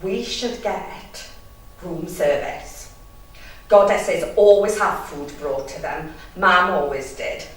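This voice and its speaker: This is a dramatic monologue by a young valleys woman from South Wales, cheeky and bawdy, with frequent laughs. Her pitch is fairly low and she takes her time. The room is echoey and the mic sits far away.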